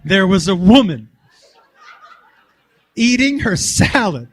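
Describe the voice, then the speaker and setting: A man telling a story on stage as a stand-up comedian and joking with the crowd, jumping between shouts and mutters. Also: high voice, sing-song, takes it slowly, slight background noise. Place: large hall with a live audience.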